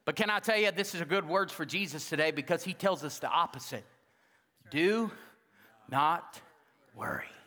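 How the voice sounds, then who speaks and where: A man preaches in a high, sharp voice that carries. He is jokey and animated, slipping into the voices of the people in his stories. A long reverb trails each phrase around the sanctuary. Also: fast, hardly any pauses. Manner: jokey, animated, acts out quoted dialogue. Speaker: pastor. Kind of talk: humorous sermon with storytelling. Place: church sanctuary.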